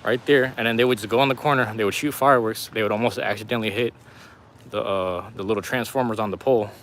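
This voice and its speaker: A man's voice: on the low side, steady tone, fast, a bit bright, a little hiss or hum. Laid-back man streaming from a rainy street. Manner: laid-back, rambling street talk with slang. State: losing his voice. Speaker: live streamer. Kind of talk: casual walking live stream. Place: outdoors on a city street in the rain.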